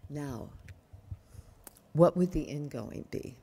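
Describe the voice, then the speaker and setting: An older woman lecturing on yoga breathing in a slow, unhurried voice. Her tone is low, mellow and somewhat husky, and she often asks her listeners questions as she explains. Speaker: yoga teacher. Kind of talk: workshop lecture. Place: retreat workshop room.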